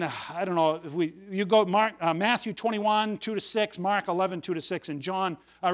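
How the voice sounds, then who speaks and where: A man preaching a folksy sermon to his congregation, with sudden emphatic bursts on key words. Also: sits high. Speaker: pastor.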